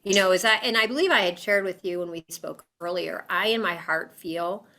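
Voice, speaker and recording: A woman talks through a personal story as an interview guest. Her voice is bright and forward, and she leans on fillers. She animates her account by acting out the quoted voices. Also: on the low side, a little fast.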